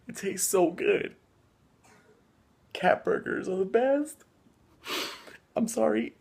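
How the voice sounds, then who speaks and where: A young man doing a deadpan parody dating video, halting and hesitant, slipping into whispers and mock emotion. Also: sits high, vocal fry. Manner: mock-emotional, rising giddy. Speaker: comedy sketch performer.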